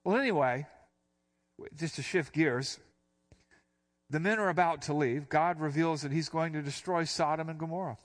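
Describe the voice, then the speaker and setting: A middle-aged man giving a conversational Bible teaching, walking through verses with relaxed asides and repeated phrases. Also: on the high side, moderate pace, pauses often.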